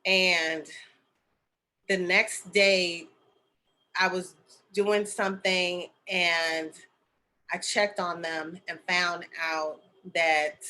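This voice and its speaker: A woman's voice: lowish voice, steady tone, measured pace, bright, forceful tone. A middle-aged woman telling a personal story in a casual, chatty way, full of fillers and asides like "okay?" and "right?". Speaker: spiritual medium and healer sharing a story.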